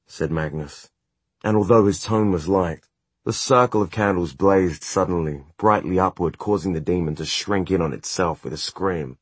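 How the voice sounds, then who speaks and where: A man narrating a fantasy audiobook in a measured, even storytelling manner. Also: sits low, husky, no echo. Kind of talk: scripted narration.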